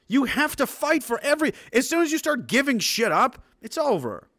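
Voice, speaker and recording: Fiery high-pitched ranting man. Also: big pitch swings, fairly quick, hardly any pauses, fairly bright tone, no room sound, studio quality. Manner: heated, profane, emphatic. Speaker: political commentator. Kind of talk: ranting monologue.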